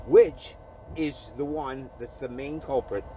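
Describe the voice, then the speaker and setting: A man's voice: medium pitch, takes it slowly, mellow, slight background noise. A man delivering an angry, profane political rant, heated and repetitive. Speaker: vlogger.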